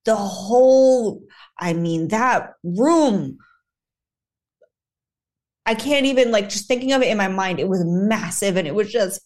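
A woman guesting on a podcast in casual chat, gushing and animated, acting out quotes and swearing freely. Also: mid-range voice, a little slow, pauses often.

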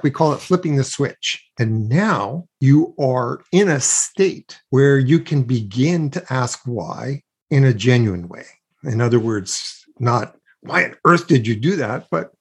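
A man's voice: mid-range voice, a little mellow, slightly rough. A man speaking as an interview guest, explaining ideas earnestly with examples and rhetorical questions. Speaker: guest expert on child self-regulation.

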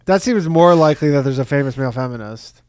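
A man co-hosting a comedy podcast in casual chat, throwing in quick deadpan quips and laughing often. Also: medium pitch, dry recording, studio quality. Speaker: podcast co-host.

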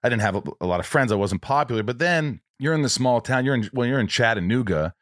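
A man hosting a casual interview, blunt and quick to swear. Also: medium pitch, expressive, a bit bright, no echo, clean studio sound. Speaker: podcast host.

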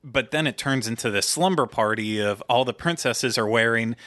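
A man co-hosting a podcast in casual chat, relaxed and agreeable, with many fillers. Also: medium pitch, normal speed, no room sound, studio quality. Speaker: podcast co-host.

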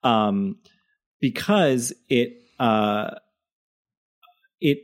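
A man's voice: mid-range voice, animated, drawn-out words. A man discussing a TV series in casual chat, hesitant, with lots of fillers and restarts. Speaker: podcast co-host.

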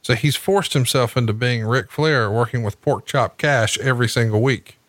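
Man, bright voice, profane, animated storytelling, dry close sound. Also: medium pitch, normal speed, no room sound. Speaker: podcast co-host. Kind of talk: casual commentary while watching wrestling.

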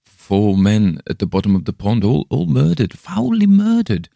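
A man's voice: on the low side, wildly swooping pitch, normal speed, gravelly, warm tone, no echo, studio quality, voice pushed up, exaggerated voice. A man voicing a frantic, strained traveller. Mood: delirious. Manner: raised, strained delivery. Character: German traveller, delirious then urgent and defiant.

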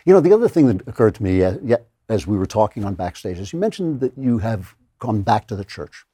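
A middle-aged man hosting a conversational interview, animated, with stammering restarts. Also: fairly low pitch, brisk, husky, no echo. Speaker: interview host.

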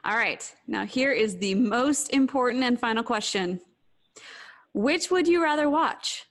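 Woman, podcast host, slightly high voice, brisk quiz questions, laughs often. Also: lively intonation. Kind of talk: casual interview.

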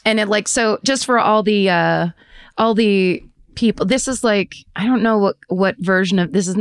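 This is a woman in her forties co-hosting a podcast from a room at home, joining by remote video call. Her mid-range voice moves at a moderate pace and sounds smooth and studio-clean with no echo. She chats casually like a storyteller and laughs often.

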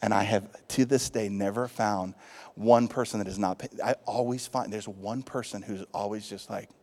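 A man with a Texas accent, a pastor preaching a lively sermon in a church, swinging from loud calls to hushed asides. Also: lowish voice. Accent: Texan. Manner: lively preaching with big swings in loudness, asides and quick jokes. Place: church sanctuary. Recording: long hall reverb.

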